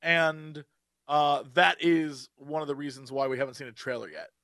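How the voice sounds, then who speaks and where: A man's voice: a little high, fairly even intonation, moderate pace, a bit bright, no room sound, clean studio sound. A man co-hosting a podcast in a playful, hesitant casual chat. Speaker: podcast co-host.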